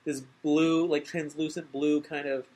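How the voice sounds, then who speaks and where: Casting: male podcast co-host, slightly high voice, rambling, goofy impressions. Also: level tone, unhurried, low-quality recording. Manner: rambling, many fillers, bursts into loud goofy impressions. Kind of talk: casual chat, recapping a movie.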